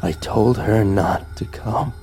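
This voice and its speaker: A man's voice: lowish voice, slow pace, dark tone, faint music behind. A man voicing a grief-stricken young captive who screams and begs with a breaking voice in a horror story. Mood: pleading. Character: desperate grieving young man, the captive son.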